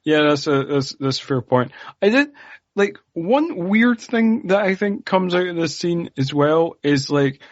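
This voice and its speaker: A Scottish man co-hosting a podcast and chatting casually about a film, animated and incredulous as he makes his points. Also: a little slow, no echo, lo-fi sound. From Scotland. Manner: animated, incredulous, jumps up in pitch when making a point. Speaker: podcast co-host.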